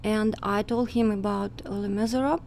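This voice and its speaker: A woman guest in a casual conversation, speaking halting, hesitant English that is not her first language. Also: mid-range voice, fairly even intonation, gravelly, darkish tone.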